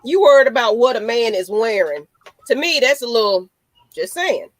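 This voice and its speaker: A woman's voice: on the high side, animated, moderate pace, no echo, rough recording. A woman co-hosting a live sports talk stream, blunt and wry as she scolds the men and plugs the channel. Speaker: podcast co-host.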